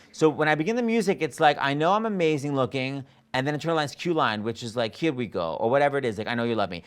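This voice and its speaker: A man coaching a singer in a master class, animated and jokey, acting out lines and scatting melodies. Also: mid-range voice. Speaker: vocal coach. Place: studio or rehearsal room.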